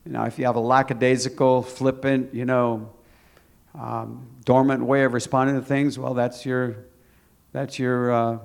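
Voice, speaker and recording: A man's voice: medium pitch, flat delivery, normal speed, vocal fry, darkish tone. A man preaching a sermon, urging and repeating himself, building to emphatic, indignant peaks. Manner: emphatic, repetitive exhortation with rising intensity.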